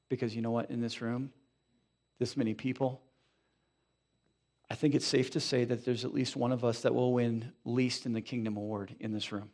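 Animated male pastor preaching. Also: mid-range voice. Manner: animated, conversational preaching with frequent asides. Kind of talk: sermon. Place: church sanctuary.

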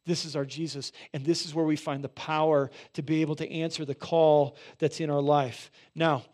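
A man preaching a sermon in a conversational way, often checking in with listeners and swelling louder on emphatic points. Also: on the high side, flat delivery, moderate pace. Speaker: pastor.

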